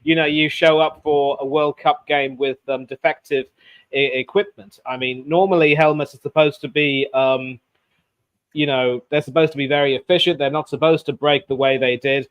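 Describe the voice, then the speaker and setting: Animated man hosting a sports chat. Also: on the high side, moderate pace, dull audio. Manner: animated, with many fillers and restarts. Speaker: sports show host.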